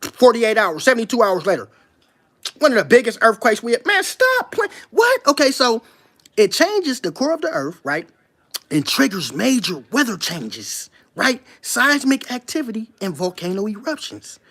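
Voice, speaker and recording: A commentator delivers a casual, unscripted monologue to an online audience, emphatic and constantly firing rhetorical questions at listeners. His slightly bright voice swings widely in pitch, rising sharply on the challenges and dropping low as he reads passages aloud slowly and deliberately before commenting.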